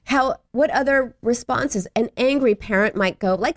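A middle-aged woman in a studio giving conversational advice, acting out quoted voices and laughing at herself. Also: normal speed. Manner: acts out little voices and quotes with lively pitch jumps. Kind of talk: advice talk on self-compassion.

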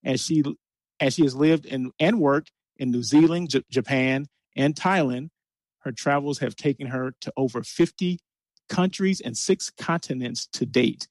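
A man's voice: medium pitch, measured pace, no echo. A man hosting an interview show, reading a guest introduction aloud with stumbles and restarts, then chatting eagerly. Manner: reads intro with stumbles, animated. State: out of breath after the intro. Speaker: host. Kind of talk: casual interview.

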